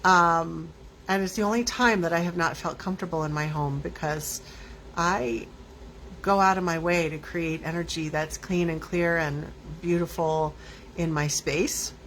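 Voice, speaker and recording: A woman hosts her own talk show and tells a personal story at an unhurried pace in a fairly low voice. She rambles and restarts her sentences often. A faint hiss sits under the recording. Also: fairly even intonation, a bit bright. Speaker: host. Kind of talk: casual storytelling monologue.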